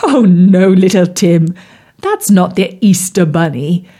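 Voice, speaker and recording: A woman's voice: on the low side, expressive, takes it slowly, dark tone, husky, exaggerated voice. Kindly storybook frog prince, patient and a touch grand, his voice set apart in timbre, played by a woman. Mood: amused. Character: genial frog who was once a prince, male.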